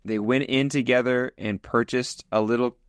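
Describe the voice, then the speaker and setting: Animated man retelling a film. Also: medium pitch, normal speed, clear, resonant tone, no echo, studio quality. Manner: animated storyteller, acts out scenes. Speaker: podcast co-host. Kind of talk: casual podcast chat.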